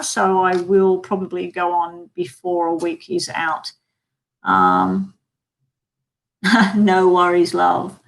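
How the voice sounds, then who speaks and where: A woman's voice: medium pitch, creaky. A woman giving live-streamed tarot readings, chatty and talking to viewers by name with many ums. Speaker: tarot card reader.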